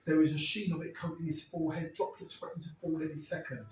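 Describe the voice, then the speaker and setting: A man's voice: a little high, little pitch movement, fast, slight background noise. A man performing a crude, wry monologue as a storyteller in a live one-man show. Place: stage at a live club. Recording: echoey room, mic far off.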